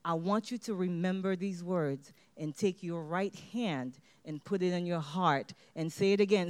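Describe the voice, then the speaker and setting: A woman's voice: fairly low pitch, normal speed, few pauses, darkish tone, smooth. A woman giving a motivational award acceptance speech, leading her listeners in call-and-response chants.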